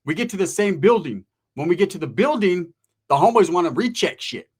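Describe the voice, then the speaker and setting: A man's voice: sits high, sing-song, brisk, darkish tone, husky. A man telling a long story in casual, profane street slang. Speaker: podcast storyteller.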